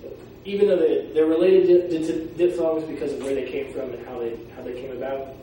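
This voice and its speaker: A man's voice: a little high, level tone, mellow. Man lecturing in an echoey classroom. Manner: explanatory, sounds out words slowly. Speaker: Greek teacher. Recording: echoey room from far off, faint noise.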